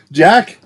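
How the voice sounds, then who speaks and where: A man's voice: sits high, fairly bright tone, husky. A male podcast co-host who chimes in with teasing remarks and laughter. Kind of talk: casual interview chat.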